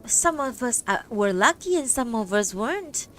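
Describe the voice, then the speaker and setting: A tearful woman at a gathering, as a woman puts her on pours out apologies in a high, shaky voice broken by sobs. Her pitch climbs far above an everyday voice and swings widely as she gushes. It sounds like a storybook reading. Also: big pitch swings, moderate pace, fairly bright tone, a little hiss or hum. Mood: gushing. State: sobbing.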